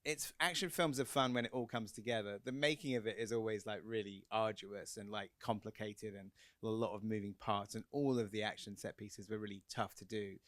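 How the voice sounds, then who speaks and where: A man's voice: fairly low pitch, fairly even intonation, fairly bright tone, dry recording. Chatty english man telling stories. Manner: quick, chatty, laughing storyteller. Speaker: film director guest. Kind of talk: animated anecdote telling. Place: cinema Q&A on stage.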